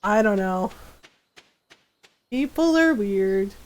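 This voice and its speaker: A woman's voice: medium pitch, expressive, takes it slowly. A woman streamer chatting casually while gaming, telling stories with a lot of laughter and acting out what people said. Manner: chatty storyteller, laughs often, acts out quotes.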